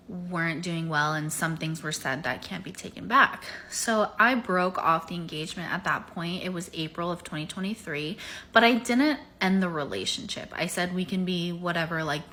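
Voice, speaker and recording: Late-20s woman, low bright voice, measured reflective telling, faint hum behind. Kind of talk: reflective personal storytelling.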